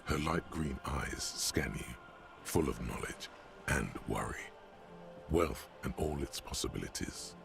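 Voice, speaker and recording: A very deep sardonic game narrator. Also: male voice, animated, unhurried, gravelly, over music, heavily acted. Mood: mocking. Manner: dry, sardonic, descriptive. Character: deep-voiced omniscient male game narrator, wry and mocking.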